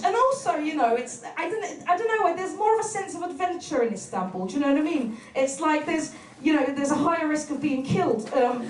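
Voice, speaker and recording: A woman's voice: sits high, slight background noise. A woman comedian, doing a brash, swearing, self-mocking stand-up set. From Turkey. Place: comedy venue with an audience. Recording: roomy venue sound from a distance.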